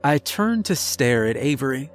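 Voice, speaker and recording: A man's voice: mid-range voice, big pitch swings, moderate pace, soft background music. A man narrating a first-person horror story in a tense, scripted delivery.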